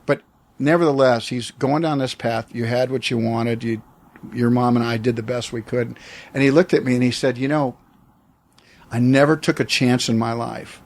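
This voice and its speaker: A man's voice: medium pitch, a little mellow. A man in his sixties from the United States, telling a personal story as an interview guest, reflective and rambling with many restarts. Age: 60s.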